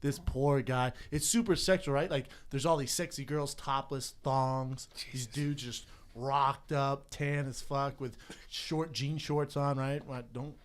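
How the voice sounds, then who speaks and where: A man's voice: mid-range voice, a little slow. A man co-hosting a podcast, telling stories in casual, slangy chat with laughs, acting out the people he quotes. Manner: animated, acts out quotes with shifting voices. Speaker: podcast co-host.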